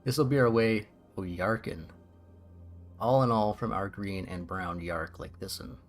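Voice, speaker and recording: A man's voice: on the low side, unhurried, faint music behind. A man voicing a strange cyborg trader who talks in a mangled, bizarre accent. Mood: gruff. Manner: mangled, garbled old-fashioned talk in a bizarre accent.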